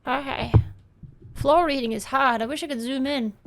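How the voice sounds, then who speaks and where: A woman with a high-sitting voice talks briskly while playing a game, offering casual, playful commentary. She reads what's on screen aloud and swears every so often.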